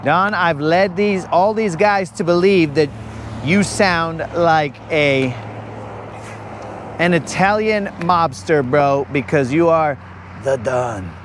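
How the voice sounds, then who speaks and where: A man's voice: a little high, slow pace, slight background noise. A man hosting a live fishing stream, chatting casually and teasing his viewers in a playful, rambling way. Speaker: fishing livestream host. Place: outdoors on a lake.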